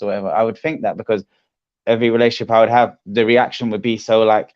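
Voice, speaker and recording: A man guest in a casual podcast conversation, reflecting on his past in a halting way with frequent restarts. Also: lowish voice, flat delivery, dull audio.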